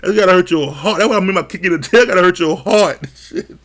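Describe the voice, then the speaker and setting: A man's voice: sits high, fast talker. A man reviewing a reality dating show in casual, profane commentary, often laughing as he acts out what the cast said. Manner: laughs often, swears freely, animated retellings.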